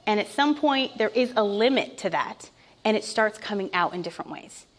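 A woman's voice: medium pitch, expressive, normal speed. A woman in her thirties giving a heartfelt Christian testimony, telling her story with candid asides and light laughs. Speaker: Christian speaker sharing testimony. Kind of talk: personal testimony talk.

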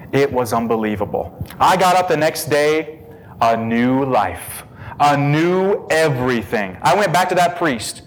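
A man giving an emotional personal testimony, moving from hushed, slow recollection to excited bursts. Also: fairly high pitch, long reverb tail, slight background noise, poor audio.

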